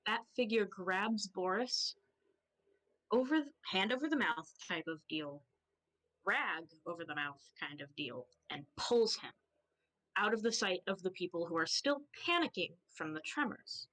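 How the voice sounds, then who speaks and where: A woman's voice: mid-range voice, lively intonation, measured pace, a bit bright, low-quality recording. A woman narrating as game master of a tabletop game, casual and rambling, often laughing. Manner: casual, giggly, loose and rambling.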